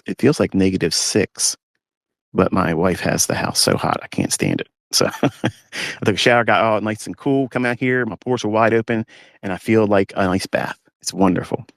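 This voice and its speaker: A man's voice: fairly low pitch, sing-song, moderate pace, vocal fry, no echo, studio quality. A man talking as a trading mentor, blunt and ranting, mocking others in a live audio talk from inside a parked pickup truck. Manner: blunt, ranting, mocking rivals in put-on whiny voices.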